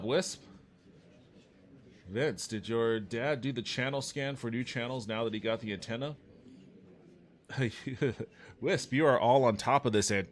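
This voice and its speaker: A man's voice: mid-range voice, fairly bright tone. A man streaming a game, thinking aloud in casual, rambling commentary and chatting with his viewers.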